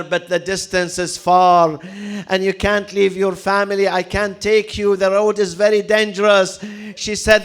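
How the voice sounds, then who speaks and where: A male preacher telling a story in a mourning sermon, dramatic and building to loud lamenting cries, with recited Arabic mixed into his English. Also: sits high, flat delivery, unhurried, clear, resonant tone.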